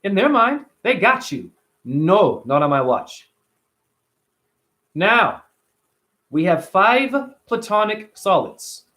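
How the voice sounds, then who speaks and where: High-voiced, emphatic man vlogging. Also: slow pace, long pauses. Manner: emphatic and animated, with casual swearing. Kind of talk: casual vlog monologue.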